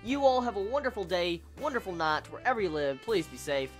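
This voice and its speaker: An anime reviewer talking in a casual, excitable way and swearing freely. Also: medium pitch, a little fast, faint music behind.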